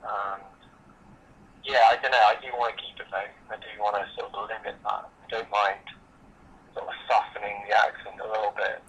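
A man's voice: on the low side, flat delivery, fairly quick, a bit bright, slight background noise, rough recording. A British man in his late twenties, answering interview questions in a casual, hesitant way with many fillers and restarts. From Britain. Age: late 20s.

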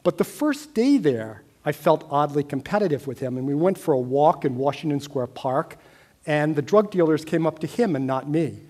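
A middle-aged American man telling a personal story on stage, wry and deadpan, growing animated at times. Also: fairly high pitch, moderate pace. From United States. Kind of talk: storytelling talk.

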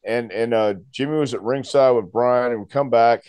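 A man's voice: medium pitch, moderate pace, clean tone, no room sound. A man in his sixties, a guest telling a long story in conversation and acting out the other people's voices. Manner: animated storyteller who acts out voices.

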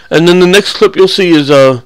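A man's voice: sits high, moderate pace, clean tone, no echo. A young man giving casual, rambling, crude and joking voice-over commentary on his gameplay clips.

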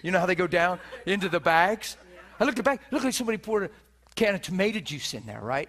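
A middle-aged man preaching, telling a personal story with animated delivery, acting out voices and laughing often. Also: high voice, normal speed. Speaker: preacher teaching on healing. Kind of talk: sermon storytelling. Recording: live teaching session, room mic.

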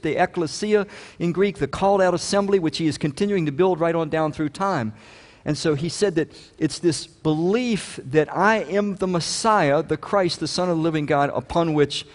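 A pastor preaching a sermon in a conversational way, growing loud and emphatic when he reads scripture. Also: fairly high pitch, big-room sound. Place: church sanctuary.

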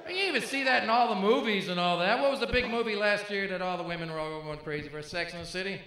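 A man's voice: high voice, fast, sharp tone, a little hiss or hum. A middle-aged man doing brash, punchy stand-up comedy on a club stage, bantering with the crowd. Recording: echoey live room with faint ambience.

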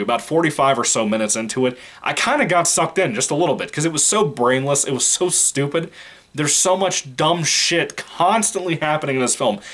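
A man from Virginia talks through a movie review in a loose, rambling way. He is blunt and swears freely, and often laughs. His voice sits at an ordinary middle pitch. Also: fairly bright tone. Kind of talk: casual video review.

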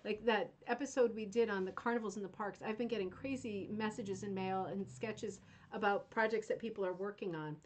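A woman's voice: mid-range voice, fairly quick, a little hiss or hum. Chatty, rambling woman host. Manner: chatty and rambling, often asks "right?"; enthusiastic. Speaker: host of a craft club show. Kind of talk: casual teaching chat.

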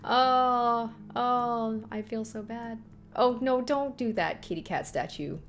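A woman's voice: a little high, slow pace, faint music behind. A woman streaming a horror game, reacting with sudden jumps and reading the on-screen text aloud to herself. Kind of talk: live gameplay commentary.

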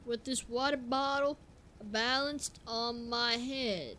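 A young woman streaming a kart racing game while tipsy, giggling, shouting and rambling with silly sound effects. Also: fairly high pitch, fairly even intonation, slow, heavy background noise. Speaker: gaming streamer. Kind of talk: drunk livestream commentary. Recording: loud game music behind.

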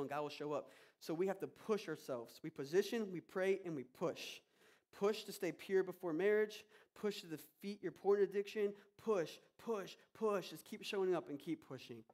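A man's voice: on the high side, a little mellow. A male pastor preaching a sermon with energy, acting out quotes and prayers.

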